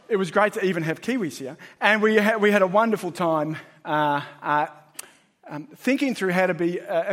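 Brief: middle-aged man, pastor, friendly rambling sermon, light high voice. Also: fairly bright tone. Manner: chatty, joking, many fillers.

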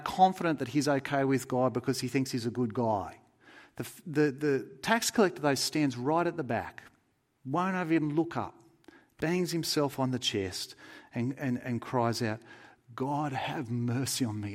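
A man preaching a sermon in an earnest, conversational way, dropping soft for pleading and prayer. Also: mid-range voice.

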